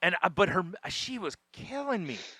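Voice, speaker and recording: A man co-hosting a podcast, telling a funny everyday story in a casual, animated way and laughing often as he goes. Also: high-pitched, moderate pace, dry recording, studio quality. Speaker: podcast co-host.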